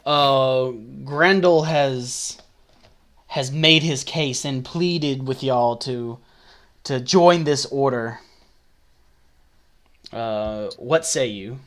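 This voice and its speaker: Brief: man running a tabletop game, slow and hesitant delivery. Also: medium pitch, a bit bright. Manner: halting, hesitant narration. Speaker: dungeon master.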